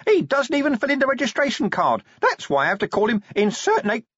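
A man's voice: extremely high pitch, huge pitch swings, a little fast, fairly bright tone, slightly rough, no room sound, dull audio, voice pushed up, full character voice. A man voicing a small, eager imp that lives inside a pocket organizer and babbles at its owner. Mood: eager shrill.

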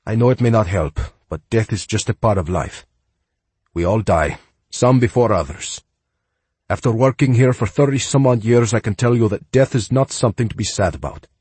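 A man voicing a kindly older male cemetery groundskeeper with a heavy Spanish accent, talking in a warm, philosophical way. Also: lowish voice, moderate pace, breathy edge, dry recording, pitched above the performer's own voice. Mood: consoling. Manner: warm, philosophical, gently coaxing.

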